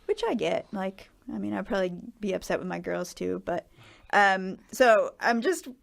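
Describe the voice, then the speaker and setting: A woman's voice: mid-range voice, moderate pace, creaky. A middle-aged woman hosting a podcast, telling rambling family stories and laughing often. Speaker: podcast host. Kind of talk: casual chat.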